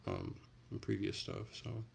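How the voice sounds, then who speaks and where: A young man with a low, gravelly voice talks loosely on a late-night stream, drifting between chat messages in an easy, unhurried way. A faint hiss sits under his voice. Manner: relaxed, rambling, soft-spoken.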